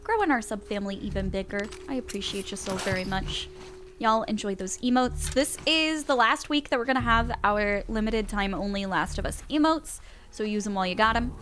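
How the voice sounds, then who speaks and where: A woman's voice: medium pitch, brisk, fairly bright tone, a little hiss or hum. A woman streaming a game, chatting to viewers and coaxing her character along. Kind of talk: live gameplay commentary.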